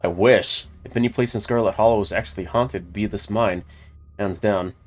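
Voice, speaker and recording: A man's voice: on the low side, normal speed, close to an everyday voice. A man voicing a cheerful young woman streamer who longs to find ghosts. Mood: eager.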